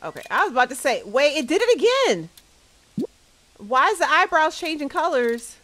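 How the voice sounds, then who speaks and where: Female game streamer, casual chat to viewers, bouncy pitch, frequent laughs. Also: moderate pace, dry recording, poor audio. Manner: animated, laughs often, talks to viewers. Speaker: gaming streamer. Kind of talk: casual gaming commentary to chat.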